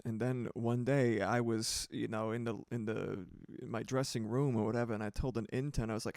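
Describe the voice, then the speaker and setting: A man at mid pitch chatting loosely as he works on music for a stream. He rambles, swears casually and laughs often, and the sound is dry with no room echo. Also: fairly even intonation, brisk, creaky, hardly any pauses, a little mellow. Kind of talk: casual livestream chat while producing.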